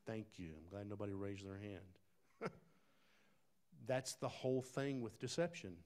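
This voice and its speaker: A man preaching a sermon in a folksy, conversational way, talking straight to the congregation, dropping to quiet asides and rising to loud, emphatic bursts. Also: on the low side, slow pace. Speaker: pastor.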